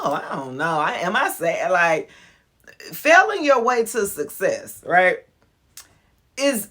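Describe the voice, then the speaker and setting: A woman in her forties giving a casual motivational talk to her viewers, frank and animated, with slang and cursing and frequent laughter. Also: fairly high pitch. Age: 40s. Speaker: motivational vlogger.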